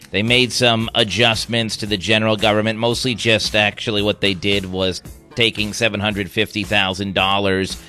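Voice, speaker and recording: A man reading the news and chatting on air as a radio news anchor, with a steady newsreader delivery. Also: on the low side, clean tone. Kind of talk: radio newscast and on-air chat. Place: radio studio. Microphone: studio microphone.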